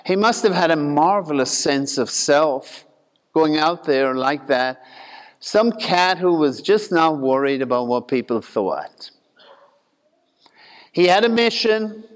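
A man preaching a sermon with a high, smooth, ringing voice. He talks in a casual, folksy way, with asides and humor. A long reverb trails each phrase. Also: expressive, slow.

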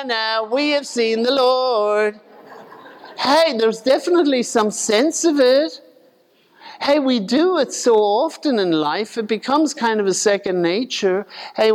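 A man's voice: sits high, big-room sound. A man preaching a sermon in a conversational way, acting out the voices of the people in his retelling.

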